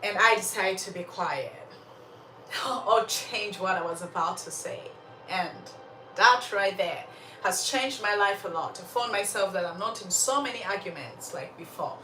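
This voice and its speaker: A woman's voice: mid-range voice, a little slow, bright, forceful tone, reverberant, far from the mic, slight background noise, low-quality recording. A woman telling a story with lessons about faith, talking animatedly, laughing often and speaking straight to her listeners.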